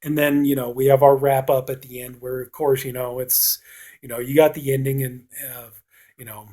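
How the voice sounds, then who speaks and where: A man's voice: mid-range voice, little pitch movement, normal speed, mellow. A man reviewing a horror movie, casually retelling the plot with lots of "you know" fillers.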